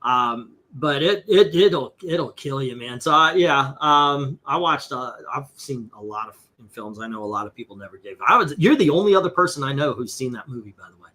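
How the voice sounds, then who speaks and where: Comics host, man, bright tense voice, loose rambling chatter, swears often. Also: mid-range voice, animated, normal speed, few pauses. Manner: rambling, profane, lots of fillers. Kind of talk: casual livestream chat.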